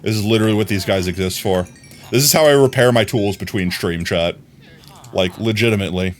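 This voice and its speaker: A man's voice: on the low side, a little fast. Rambling man with a mild New York accent. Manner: rambling, repeats words, laughs often. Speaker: streamer. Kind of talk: casual chat while gaming.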